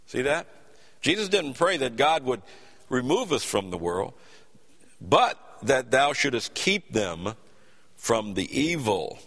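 A man's voice: medium pitch, big pitch swings, takes it slowly, fairly bright tone. Emphatic preacher man in a reverberant hall. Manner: earnest, emphatic, repeats words as he builds a point. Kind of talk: sermon.

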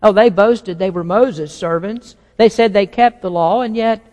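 A high-pitched male pastor preaching to his congregation in a church sanctuary. His delivery is earnest and rises into forceful declarations, and his voice carries a long reverb from the hall. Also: a little slow. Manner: earnest, builds to emphatic declarations. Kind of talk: sermon.

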